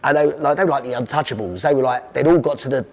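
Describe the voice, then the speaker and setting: Fast-talking South London man. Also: medium pitch. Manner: rambling anecdotes, quoting his father. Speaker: podcast guest. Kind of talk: storytelling interview.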